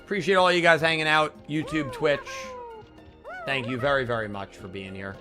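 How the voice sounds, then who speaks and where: Hoarse, chatty male game streamer. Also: a little high, moderate pace. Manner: chatty, excitable, reacts aloud and thanks viewers. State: hoarse, losing his voice. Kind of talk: casual live gameplay commentary. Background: game music.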